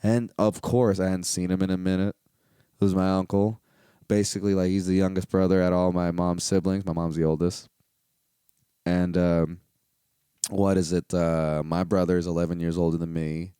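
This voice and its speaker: A man's voice: sits low, little pitch movement, normal speed, warm tone, smooth, dry recording, studio quality. A young man hosting a solo podcast, talking in a rambling, candid, profane way with lots of fillers. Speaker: podcast host. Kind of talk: casual solo podcast monologue.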